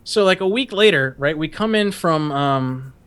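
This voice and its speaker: A man's voice: on the high side, lively intonation, normal speed, clean tone. Profane young man telling a story. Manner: profane, laughing, acts out shouted quotes. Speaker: podcast host. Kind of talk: casual storytelling.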